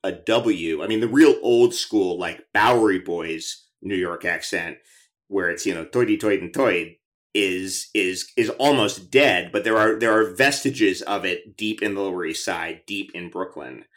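Casting note: male podcast host, lowish voice, chatty and eager. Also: unhurried, fairly bright tone. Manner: chatty, enthusiastic, many restarts. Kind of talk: conversational interview.

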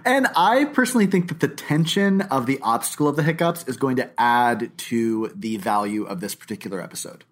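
Male comedy podcast co-host, lively up-and-down delivery, quick to laugh. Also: medium pitch. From New Hampshire or Florida. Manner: chatty, laughs often, animated storytelling. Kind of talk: casual comedic chat.

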